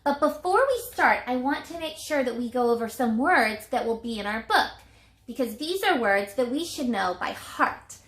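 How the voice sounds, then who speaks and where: A woman teacher giving a reading lesson to young children, speaking clearly and sounding out words in a sing-song way. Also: a little high, lively intonation, normal speed, a bit bright, echoey room.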